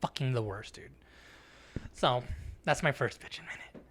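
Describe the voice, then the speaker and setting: Speaking at normal speed with a husky, medium-pitched voice and long pauses, this male podcast co-host spins a story in casual, foul-mouthed conversation. He voices the other characters' lines as he goes.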